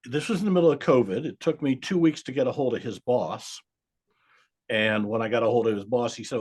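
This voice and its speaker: A man's voice: mid-range voice, a little fast, darkish tone, breathy edge. A man in his seventies, a guest accountant telling stories bluntly and emphatically in a podcast interview, swearing now and then. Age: 70s.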